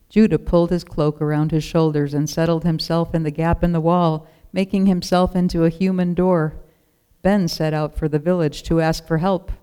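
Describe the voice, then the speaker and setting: A narrator reading a children's storybook aloud in a steady, expressive way. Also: mid-range voice, clean tone.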